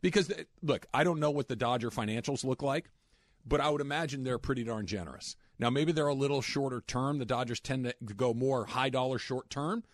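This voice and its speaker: A man's voice: medium pitch, fairly quick, dry recording. Chatty male radio host, dry studio sound. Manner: chatty, repeats words while thinking. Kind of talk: casual radio banter. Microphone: studio mic.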